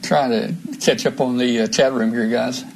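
A man's voice: medium pitch, steady tone, normal speed, slight background noise. Rambling man on a hobby live stream. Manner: rambling, restarts often, trails off. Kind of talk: casual live stream chat.

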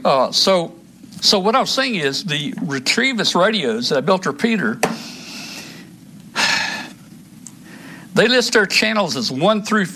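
A man's voice: high voice, sharp tone, a little hiss or hum. A man hosting a casual live stream, rambling through radio settings with many restarts and fillers, a little out of breath. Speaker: show host demonstrating radios.

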